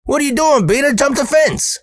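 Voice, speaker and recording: A man's voice: extremely high pitch, a little fast, no room sound, studio quality, pitched above the performer's own voice. A man doing a mocking, crude construction boss. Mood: teasing. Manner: mocking, gruff, wisecracking. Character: crude teasing heavyset male construction boss.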